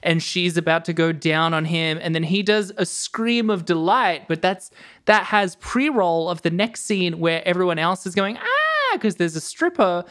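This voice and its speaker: A woman co-hosts a casual film podcast, earnestly going through plot points and using plenty of filler words. Her voice is a bit low for a woman, and she speaks at a moderate pace.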